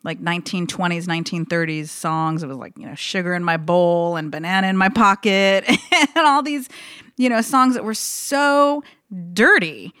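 A woman's voice: lowish voice, normal speed, fairly bright tone, smooth, dry recording, studio quality. A woman musician, a guest chatting casually and giggling often. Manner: giggly, playful. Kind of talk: casual chat.

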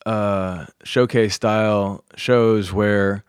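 A man's voice: fairly low pitch, steady tone, drawn-out words, clean tone, no echo, clean studio sound. A man from the Carolinas with a coastal Southern American accent, a musician talking as a guest in a laid-back, easygoing way. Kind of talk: casual interview chat.

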